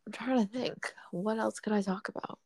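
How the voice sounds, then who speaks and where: A young woman in casual chat, telling a story in a relaxed way with lots of fillers. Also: mid-range voice, normal speed, gravelly.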